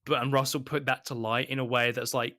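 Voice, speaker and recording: Bright-voiced man, eager podcast chat. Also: mid-range voice, flat delivery. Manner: enthusiastic, laughs often, halting. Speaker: podcast co-host. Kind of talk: casual chat.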